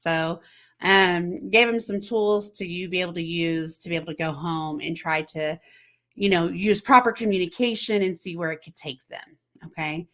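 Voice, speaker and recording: A woman with a somewhat low voice talks in a casual chat to camera. She speaks conversationally, turns to the viewer with questions, and acts out text messages in little quoted voices. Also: steady tone, normal speed, a bit bright. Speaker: host.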